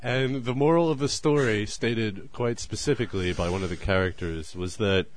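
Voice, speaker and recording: A man's voice: lowish voice, normal speed, slight background noise. A man hosting a casual podcast, teasing his co-host in a dry way and laughing often.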